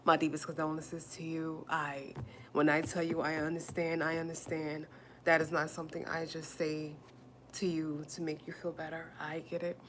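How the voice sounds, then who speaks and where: A woman hosting a livestream, talking softly and repeating herself as she consoles viewers, then turning sassy while reading comments. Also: sits low, monotone, normal speed, a little hiss or hum. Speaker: livestream host. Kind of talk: casual livestream talk to viewers.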